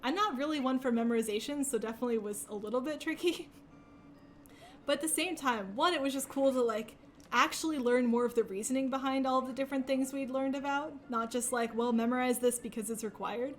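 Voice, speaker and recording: Casting: young adult woman, high voice, rambling streamer chat full of laughs. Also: a little fast, a little hiss or hum. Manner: chatty and rambling, laughs often, many fillers. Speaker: speedrunner streaming a game. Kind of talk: casual chat while playing.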